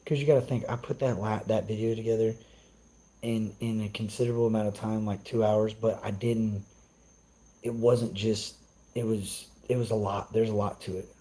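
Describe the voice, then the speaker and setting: A man's voice: lowish voice, steady tone, normal speed, mellow, rough recording. Brash profane man ranting on stream. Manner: profane, brash, trash-talking. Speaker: streamer reacting to chat. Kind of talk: casual live-stream rant.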